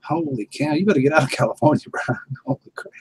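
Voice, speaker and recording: A man's voice: on the high side, expressive, quick pace, slight background noise, poor audio. A man hosting a casual livestream, chuckling and telling laid-back stories to viewers. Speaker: livestream host.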